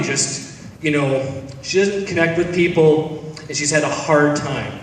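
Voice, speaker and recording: Man, stand-up comic, high voice, storytelling and acting out dialogue, distant, echoey hall. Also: a little slow, a little hiss or hum. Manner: storytelling, acts out dialogue, breaks into laughter. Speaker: stand-up comedian. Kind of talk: stand-up comedy set. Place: charity event stage, audience hall. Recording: echoey hall taped from far off.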